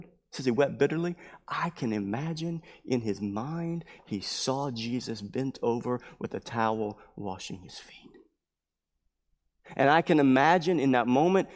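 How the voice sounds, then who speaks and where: A man's voice: mid-range voice, a little mellow, big-room sound. A man pastor preaching a sermon at a church service, emphatic and repetitive, building his points with mounting fervor.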